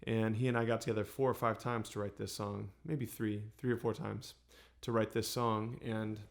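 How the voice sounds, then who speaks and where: A singer-songwriter chatting in a relaxed, unhurried way, with many pauses and fillers. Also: male voice, fairly low pitch, creaky. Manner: soft, unhurried, with many ums and restarts. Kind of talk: relaxed storytelling between songs.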